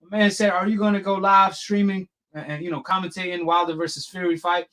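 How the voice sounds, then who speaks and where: A man's voice: sits high, level tone, fairly quick, a bit bright. A man hosting a live boxing talk stream, chatting in a casual, slangy way and laughing often. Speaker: host of a boxing talk show.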